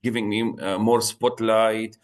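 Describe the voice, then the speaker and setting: A man co-hosting a leadership discussion, hesitant, often pausing to search for words. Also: fairly low pitch, level tone. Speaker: co-host. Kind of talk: casual podcast discussion.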